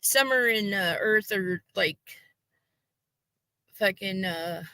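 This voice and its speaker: Blunt, profane female stream guest; bright, sharp tone. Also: medium pitch, slow, no room sound, low-quality recording. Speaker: guest on a livestream. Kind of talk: casual gossip chat on a livestream.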